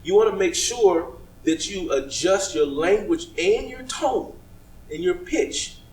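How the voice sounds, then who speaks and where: A middle-aged man from Miami speaks with a fairly high voice, giving measured, preachy advice and then slipping into laughing storytelling. He sits a little away from the mic, so his voice comes through roomy and echoey with a faint hiss underneath. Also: expressive, darkish tone. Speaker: podcast guest. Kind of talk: storytelling conversation. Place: indoor podcast studio. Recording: echoey room, mic at a distance, faint noise.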